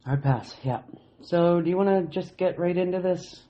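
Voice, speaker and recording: A man from Canada co-hosts a casual podcast, blunt and joking, with plenty of swearing. His voice is mellow and dark. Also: high voice, moderate pace, highs cut off. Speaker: podcast co-host. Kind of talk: casual podcast chat, reading quotes.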